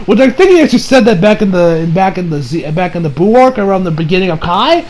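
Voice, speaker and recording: A man's voice: high voice, very animated, quick pace, a little mellow. A man giving a casual anime episode review in a rambling, slangy way, full of fillers and loose asides.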